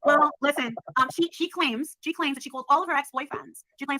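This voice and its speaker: Gossip chat guest: a high-voiced woman, blunt and quick, recorded close and dry. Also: fairly even intonation, bright, forceful tone, dry recording. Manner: fast, blunt, swears.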